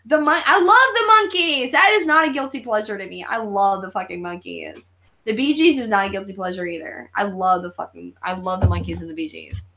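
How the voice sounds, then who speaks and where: A woman's voice: mid-range voice, fairly quick, rough recording. A woman hosting a live horror movie watch-along, chatting casually with lots of swearing and jokes. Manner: profane, animated and joking. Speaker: host.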